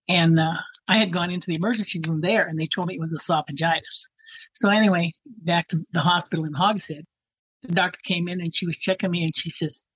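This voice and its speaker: A woman with a husky voice telling a personal story in a rambling way, full of fillers and restarts. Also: fairly low pitch, a bit bright, dry recording, highs cut off. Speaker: interviewee.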